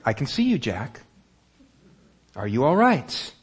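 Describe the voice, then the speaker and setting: A preacher voicing God as calm and unhurried, speaking low and steady to a frightened man. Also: husky, exaggerated voice.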